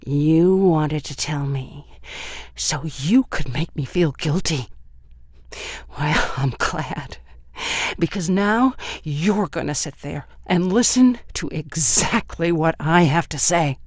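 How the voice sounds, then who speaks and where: A man voicing a bitter adult son who speaks slowly and forcefully in anger, for an audiobook. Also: on the high side, no echo, studio quality. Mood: furious. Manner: slow, clipped, louder angry delivery. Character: bitter grown man, adopted son, furious.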